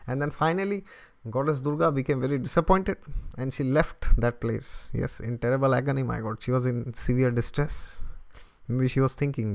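Middle-aged male spiritual teacher, animated storyteller, laughs a lot, mid-pitched, chatty. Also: moderate pace, gravelly. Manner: chuckles often, animated and conversational, asks rhetorical questions. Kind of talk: scripture storytelling lesson.

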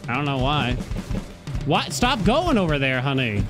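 A man's voice: medium pitch, a little slow, music in the background. A male streamer giving live commentary on his own gameplay, chatty with viewers and breaking into yelps and curses at the game. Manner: excitable, yelps and swears at the game; chatty, talks to viewers between moments.

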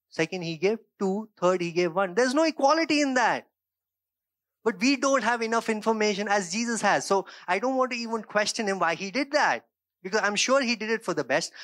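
A man's voice: high-pitched, fairly bright tone, no room sound, studio quality. A male pastor from India preaching a sermon in an emphatic, building manner. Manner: emphatic, preaching with rising intensity.

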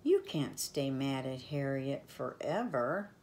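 An older woman voicing a gentle, calm turtle father who reasons kindly. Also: rumbling low, slow, slight background noise, exaggerated voice.

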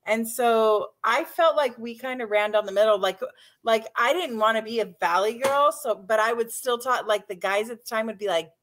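A woman podcast co-host chatting casually, agreeable and quick to chime in. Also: a little high, a bit bright. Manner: agreeable, frequent backchannels. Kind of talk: casual chat.

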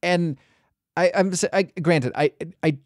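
Slightly high-voiced man, dry close sound. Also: a little slow, no room sound. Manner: rambling, full of restarts and hedges. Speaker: podcast host. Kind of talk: casual podcast chat.

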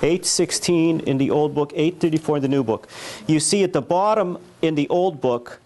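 A man's voice: fairly high pitch, a little mellow. Man teaching church chant. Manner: explains casually, breaks into slow chanted lines. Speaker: church cantoring instructor. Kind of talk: workshop lecture with sung chant examples. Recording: faint background noise.

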